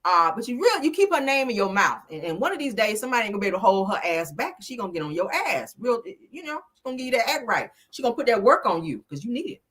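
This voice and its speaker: Loud, brassy gossip-show woman. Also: fairly high pitch, big pitch swings, quick pace, hardly any pauses, husky. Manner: brash, profane, laughs often. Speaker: celebrity gossip host. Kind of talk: casual commentary.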